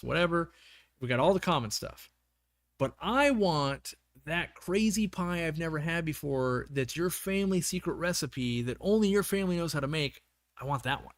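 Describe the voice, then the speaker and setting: A man's voice: fairly high pitch, dry recording, clean studio sound. Rambling man hosting a livestream. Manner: rambling, self-correcting, with many restarts. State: losing his voice. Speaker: livestream host. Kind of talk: casual livestream chat.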